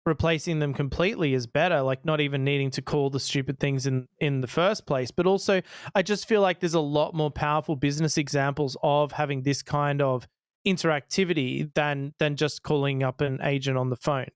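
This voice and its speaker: Guy cohosting a tech show, smooth clear voice, kinda high, dry sound. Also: steady tone, brisk, no echo. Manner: enthusiastic, explains ideas with many restarts. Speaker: podcast co-host. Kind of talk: casual tech podcast chat.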